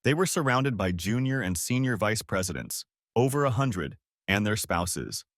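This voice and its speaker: A man reading a drama story as an audiobook, with a low voice that rises and falls expressively. The recording is dry and close, with no room around it. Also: expressive, moderate pace, fairly bright tone, dry recording. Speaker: narrator.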